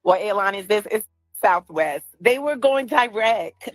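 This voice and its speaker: A woman filming herself on her phone at an airport, upset and firing off sharp questions. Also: mid-range voice, lively intonation, slow pace, dry recording, soft background music, rough recording. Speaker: vlogger. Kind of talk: filming herself in a casual rant.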